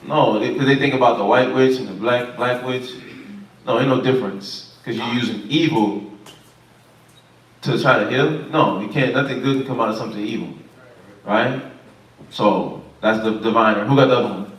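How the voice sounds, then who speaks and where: Relaxed male study leader, questions the class, roomy and off mic. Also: mid-range voice, moderate pace. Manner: casual, questioning the group, informal speech. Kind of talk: Sabbath Bible study teaching. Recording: echoey room, far from mic.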